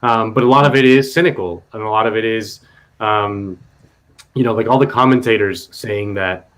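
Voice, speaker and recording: A man appearing as a guest journalist on a political talk show, talking casually and haltingly with many fillers. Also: lowish voice, a bit bright. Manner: rambling, hesitant, full of fillers.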